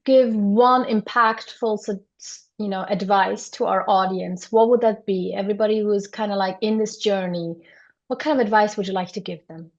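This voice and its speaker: A woman's voice: mid-range voice, steady tone, moderate pace, darkish tone. Woman host, affirming, lo-fi sound. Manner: affirming, frequent agreement sounds. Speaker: podcast host, interviewer. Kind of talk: interview conversation. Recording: dull lo-fi sound.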